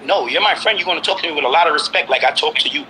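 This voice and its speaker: A Brooklyn, New York man in his forties, appearing as a guest, argues heatedly in casual conversation with a slightly high, rapid-fire voice. He repeats himself and presses the listener with questions to insist on his point. Background noise is audible.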